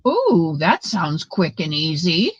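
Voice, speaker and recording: A woman's voice: medium pitch, normal speed, no room sound, dull audio. A woman hosting a casual live stream, greeting viewers by name and chatting about recipes. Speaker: livestream host.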